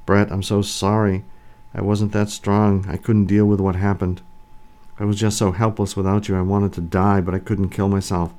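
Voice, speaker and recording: A man's voice: on the low side, level tone, moderate pace, a little mellow, natural voice. A man voicing a frightened young woman who pleads emotionally with her lost love. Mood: grieving.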